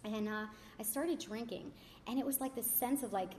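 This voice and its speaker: A woman's voice: on the high side, normal speed, a little mellow, slight background noise. A young adult woman candidly telling her life story in a casual way, with many fillers and restarts. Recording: roomy echo with faint ambience.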